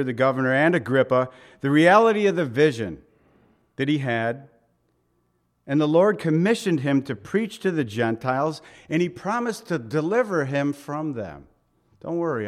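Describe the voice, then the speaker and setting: A middle-aged man preaching a conversational sermon, asking rhetorical questions and voicing quotes dramatically. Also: medium pitch. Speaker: pastor.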